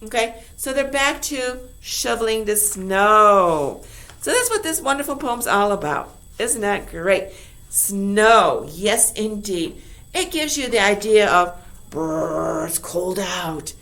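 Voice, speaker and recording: A woman's voice: mid-range voice, sing-song, slow pace, a bit bright. A woman teacher explaining a poem to her class in a chatty way, often checking in with her listeners.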